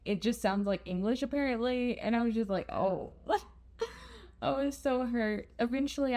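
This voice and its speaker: A woman's voice: mid-range voice, darkish tone. A young woman telling a travel story in a chatty, self-deprecating vlog. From United States. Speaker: travel vlogger.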